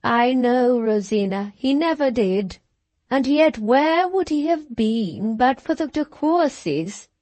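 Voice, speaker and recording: A woman's voice: fairly high pitch, lively intonation, slow pace, darkish tone, dry recording, voice pushed up. A woman reading the part of an aggrieved, self-pitying aristocratic wife in an audiobook, with a plaintive, complaining manner.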